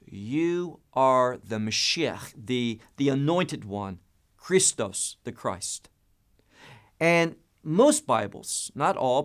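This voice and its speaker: A man teaching a Bible study, emphatic and stressing key words, with frequent repeats and restarts. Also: a little high.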